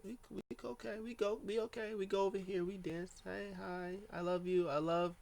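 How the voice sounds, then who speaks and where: A bubbly, childlike female wrestler, as a man puts her on, squealing in chopped little bursts of broken English. The voice jumps far above his own register and stays soft and light. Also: sits high, little pitch movement, moderate pace, gravelly, pitched above the performer's own voice. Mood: giddy.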